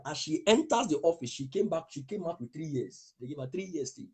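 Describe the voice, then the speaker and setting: A man's voice: high-pitched, very animated, normal speed, sharp tone, husky. A man preaching a fervent prophetic sermon, telling testimonies and speaking in tongues.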